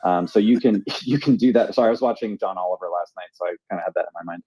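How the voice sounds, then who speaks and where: A man's voice: low-pitched, racing, muffled recording, a crowd in the background. A man co-hosting a casual podcast chat, rambling with fillers and restarts. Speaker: podcast co-host.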